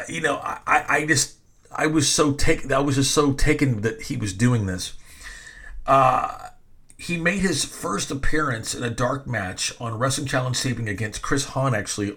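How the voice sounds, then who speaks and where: A man's voice: medium pitch, fairly bright tone. A man in his forties hosting a podcast in a casual, rambling monologue, full of fillers. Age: 40s. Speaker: podcast host.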